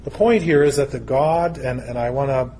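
A man preaching a sermon, speaking deliberately and building emphasis through long lists. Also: medium pitch, mellow, a little hiss or hum.

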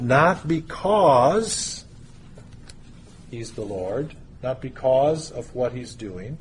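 A man preaching a sermon, teaching through a Bible passage in a measured way with pauses and stressed words. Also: mid-range voice, darkish tone, a little hiss or hum.

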